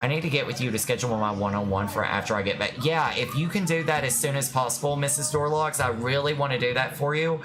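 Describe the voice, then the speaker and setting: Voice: mid-range voice, quick pace, hardly any pauses. A tarot reader on a live stream, chatting casually and affectionately with viewers, reassuring them and calling them "my love". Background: music.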